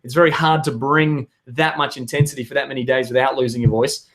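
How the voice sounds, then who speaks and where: A hoarse young man giving an energetic motivational talk to his viewers, with emphatic outbursts. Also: mid-range voice, fast. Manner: energetic, emphatic, bursts into loud shouts. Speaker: vlogger.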